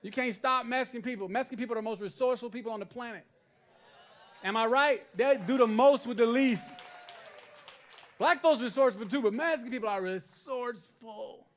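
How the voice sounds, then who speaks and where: A man's voice: very high voice, a little fast. A man doing a stand-up comedy set on stage, chatting and checking in with the crowd for agreement. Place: stage at a live comedy event.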